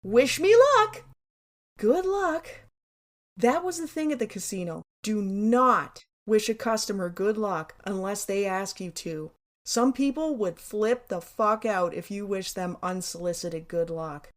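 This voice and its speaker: A woman's voice: mid-range voice, lively intonation, measured pace. A woman narrating her own memoir in a wry, candid, sarcastic way, with casual swearing.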